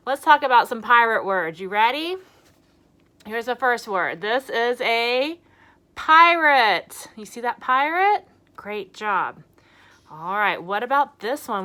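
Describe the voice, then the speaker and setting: Bright, animated woman teaching small children. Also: medium pitch. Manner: animated, encouraging, slow and clear. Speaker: preschool teacher. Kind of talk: online lesson for young children.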